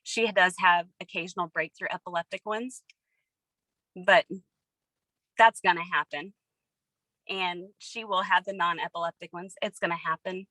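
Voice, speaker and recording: A woman's voice: lowish voice, fairly even intonation, normal speed, long pauses, bright, forceful tone, no echo, poor audio. A woman giving an earnest, emotional personal testimony over a video call. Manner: earnest, tearful, storytelling. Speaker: testimony speaker.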